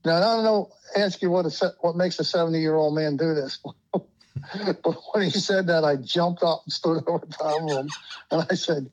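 A man's voice: fairly high pitch, normal speed, lo-fi sound. A man, telling stories to a friend and laughing as he goes. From Darby, Pennsylvania. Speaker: guest. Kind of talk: storytelling.

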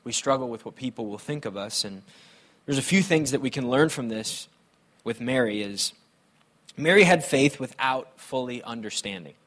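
A male pastor preaches with a mid-range voice at a moderate pace. He tells personal stories in a conversational, animated way, with playful humor.

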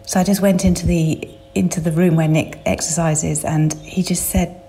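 A middle-aged English florist keeps a casual audio diary at home and in her van, chatty and emotional, sighing and laughing between thoughts. Her voice is on the low side, mellow and steady, at a normal speed.

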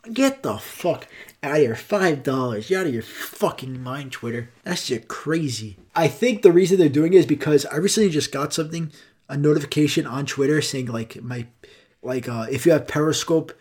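A man's voice: medium pitch, normal speed, a little mellow. A young man hosting his own podcast alone, rambling on in a profane, sarcastic way. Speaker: podcast host.

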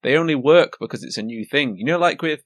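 A man co-hosting a podcast in casual chat, animated and quick with sarcastic quips. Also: mid-range voice, no room sound, studio quality. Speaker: podcast host.

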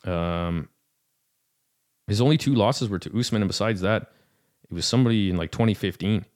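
Casual, low-voiced man talking fights. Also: normal speed. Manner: rambling, self-deprecating, full of fillers and hedges. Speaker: podcast host. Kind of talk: casual chat about fights.

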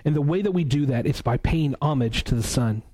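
Male pastor, warm mellow tone, earnest preacher who repeats words for emphasis. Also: fairly high pitch, rough recording. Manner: reads scripture aloud slowly. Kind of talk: sermon.

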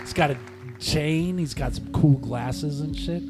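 A man's voice: on the high side, music in the background. A man hosting a casual talk show, hyped and swearing, joking with his co-hosts. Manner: hyped, rapid, swears a lot. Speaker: show host.

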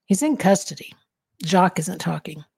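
A woman reading aloud from her own novel, voicing the dialogue in a calm, even storytelling manner. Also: fairly low pitch, normal speed, gravelly, slightly rough, no room sound, studio quality. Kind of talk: audiobook-style reading.

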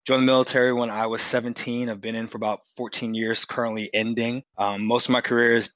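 A man in his thirties telling a casual, animated story as a guest, with lively jumps into quoted voices. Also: quick pace, no room sound. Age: 30s. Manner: animated, swings into high mocking quotes.

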